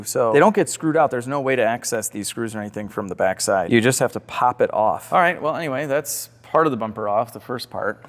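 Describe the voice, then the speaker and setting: A young man filming a casual vlog in his garage workshop, chatting excitedly and joking while he works on a car with his tools. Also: medium pitch. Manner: chatty, excitable, jokey asides while working. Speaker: car restoration YouTuber.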